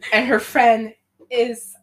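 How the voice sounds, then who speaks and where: A young woman chatting casually, playfully acting out a made-up story with quick character voices. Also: fairly high pitch, very noisy.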